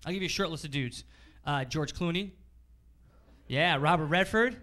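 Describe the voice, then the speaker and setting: A young adult man with a somewhat high voice does stand-up at a normal pace on a comedy club stage, handheld mic in hand, before a live audience. The comedian and show host is energetic, acting out characters and swearing.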